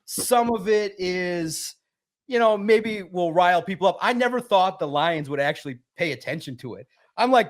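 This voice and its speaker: A high-energy man, a sports writer guest, telling a lively story and acting out the voices in it. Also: normal speed. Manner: high-energy, acts out quotes loudly. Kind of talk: animated storytelling.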